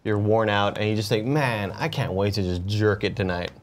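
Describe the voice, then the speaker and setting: A man's voice: fairly low pitch, normal speed, slight background noise. A man co-hosting a casual comedic morning chat show, playful and teasing, often stopping to restart his sentences. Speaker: show co-host.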